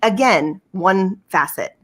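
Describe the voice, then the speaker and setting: Animated woman telling stories. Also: medium pitch, takes it slowly. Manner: animated storyteller, acts out quotes; emphatic, lots of fillers and restarts. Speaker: podcast guest. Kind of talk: casual chat.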